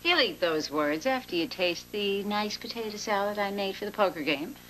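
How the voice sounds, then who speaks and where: A woman's voice: mid-range voice, lively intonation, normal speed, fairly bright tone, slight background noise, natural voice, rough recording. An actress playing a chatty, teasing middle-aged widowed mother who laughs easily, in a TV drama. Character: wry, warm-hearted widowed mother. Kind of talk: daytime TV drama acting.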